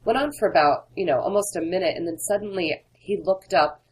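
Deep-ish woman author being interviewed, earnest, telling stories straight. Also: brisk, darkish tone, husky, rough recording. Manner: earnest, candid storytelling. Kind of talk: interview conversation.

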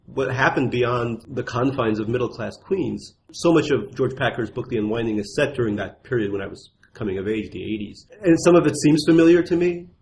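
A middle-aged man from Russia with a Russian accent, an author talking quickly and self-mockingly in an interview at his apartment, with lots of restarts. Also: medium pitch, creaky, a little mellow, a little hiss or hum. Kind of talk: conversational interview.

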